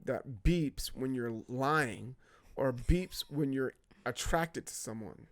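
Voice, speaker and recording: A man co-hosting a podcast in casual chat, laid-back and halting, often repeating words. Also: mid-range voice. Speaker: podcast co-host.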